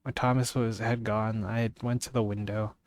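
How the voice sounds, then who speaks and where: A man's voice: on the low side, level tone, normal speed, no echo. A man streaming a casual read-aloud of a story, reading steadily with restarts and brief asides.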